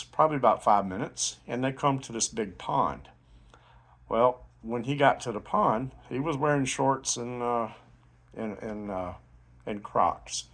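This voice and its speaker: A man giving a casual motivational sales talk, telling a long story in a rambling way with many fillers and restarts. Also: mid-range voice. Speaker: network marketing promoter.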